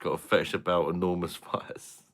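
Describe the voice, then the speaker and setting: A man's voice: low voice, little pitch movement, normal speed. A man hosting a live stream, chatting casually with viewers and trading crude jokes with a lot of laughter. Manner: crude joking banter, laughs often.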